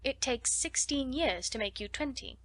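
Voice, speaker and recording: Woman doing a calm, motherly young girl. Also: normal speed, no echo. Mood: gentle. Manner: quiet, low-voiced.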